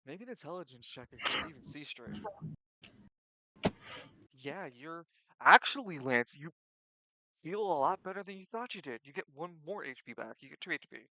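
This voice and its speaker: A young game master narrates a tabletop fight, his voice on the higher side and bursting loud before dropping low. He often stumbles and restarts mid-sentence. The sound is close and dry. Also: normal speed, long pauses, dry recording, rough recording. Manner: animated, swings between loud and quiet, stumbles and restarts.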